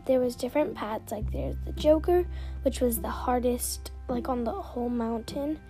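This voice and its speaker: A woman's voice sits high as she hosts a podcast and tells a personal story. She rambles casually, drops plenty of "like" fillers, and speaks softly, sometimes slipping into a whisper.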